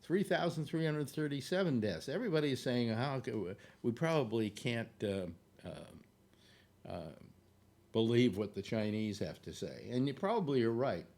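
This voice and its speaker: A man's voice: medium pitch, animated, moderate pace, darkish tone. A man hosting a casual live stream from home, rambling and joking, out of breath and tripping over fillers. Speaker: host of a live online show. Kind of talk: casual livestream talk over a map.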